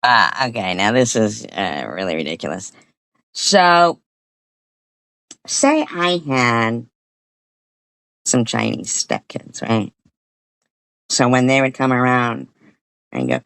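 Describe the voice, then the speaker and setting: A woman's voice: a bass voice, sing-song, slow, creaky, pauses often, fairly bright tone, no room sound. A woman giving a profane, blunt, scornful commentary rant on a livestream. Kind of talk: ranting commentary.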